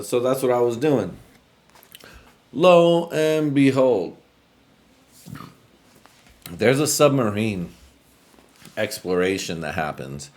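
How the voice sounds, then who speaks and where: A man from the United States hosting a podcast, talking in a loose, rambling monologue full of profanity. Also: low-pitched. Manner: profane, rambling, laid-back. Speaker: podcast host.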